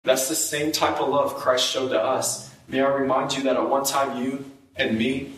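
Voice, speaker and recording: A man preaching a sermon and telling a personal story, his voice jumping up high when he gets excited. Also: normal speed, roomy sound, far from the mic, poor audio.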